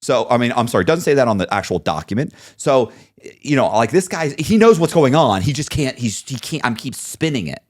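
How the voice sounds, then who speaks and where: A man's voice: medium pitch, fairly quick, no echo, clean studio sound. A man guest in an interview, telling a long story and acting out the voices of others in it. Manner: animated storyteller, acts out quoted voices. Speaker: podcast guest.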